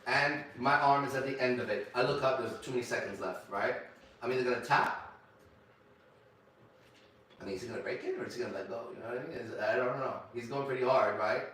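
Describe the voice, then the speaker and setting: A man telling a story to a small group in a profane, animated way, with sudden shouts. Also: mid-range voice, fast, distant mic, slight background noise. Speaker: ministry leader. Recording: echoey room, voice off-mic.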